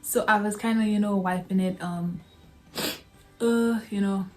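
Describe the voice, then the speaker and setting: A woman's voice: mid-range voice, fairly even intonation, unhurried, faint music behind. A young woman vlogger telling a casual storytime to her viewers, chatty and laughing often, calling them y'all.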